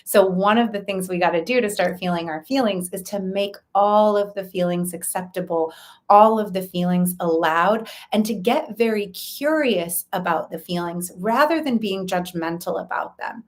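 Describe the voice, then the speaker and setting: A woman's voice: medium pitch, moderate pace. Earnest woman coach explaining feelings. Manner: earnest, explanatory, builds points in lists. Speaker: life coach. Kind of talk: direct-to-camera coaching talk.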